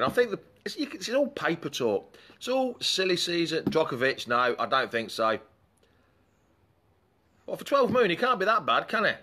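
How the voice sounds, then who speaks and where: Lively man hosting a fan chat. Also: fairly high pitch, normal speed. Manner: chatty, rambling, breaks off to greet commenters. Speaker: fan show host. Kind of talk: live fan chat, reading viewer comments.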